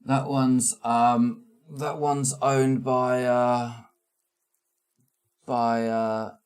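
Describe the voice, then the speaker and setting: A man's voice: mid-range voice, little pitch movement, a little mellow, pitched above the performer's own voice. Man doing a rambling genteel viscount. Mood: chatty. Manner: rambling, halting. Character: genteel male viscount, chatty tour guide.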